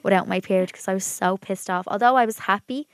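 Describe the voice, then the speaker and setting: A woman's voice: mid-range voice, quick pace, no echo. A young Irish woman co-hosting a podcast, telling blunt, chatty stories in casual talk. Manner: chatty, laughing, blunt storyteller. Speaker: podcast co-host. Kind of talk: casual chat.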